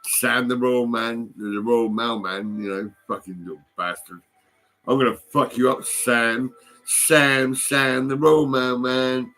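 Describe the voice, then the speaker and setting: A man's voice: medium pitch, fairly even intonation, slow, pushed and bright, faint music behind. An older British man with a British accent in an angry, rambling vlog rant, swearing, threatening and mocking someone, recorded on a phone. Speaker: vlogger.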